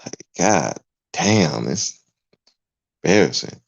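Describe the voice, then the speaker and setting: A man's voice: rumbling low, big pitch swings, takes it slowly, gravelly. A podcast host, a man, delivering an emphatic, profane livestream rant. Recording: dull lo-fi recording.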